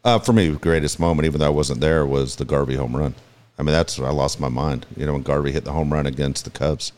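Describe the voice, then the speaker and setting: A man co-hosting a sports talk show, chiming in with quick short asides. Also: extremely low pitch, darkish tone. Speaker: sports radio co-host. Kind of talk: casual chat.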